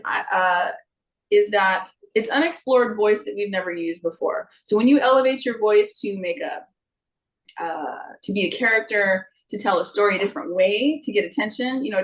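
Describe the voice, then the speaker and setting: A middle-aged woman guest talks about voice and singing in a relaxed interview. She is lively and expressive and sometimes drops into playful put-on voices to illustrate a point. Her pitch sits in a typical middle range for a woman. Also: normal speed, poor audio. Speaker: guest, singer and vocal coach. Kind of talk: casual interview chat.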